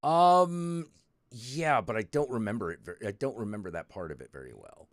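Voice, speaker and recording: A man co-hosting a casual chat, lively and often stammering over repeated words. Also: medium pitch, normal speed. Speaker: podcast co-host.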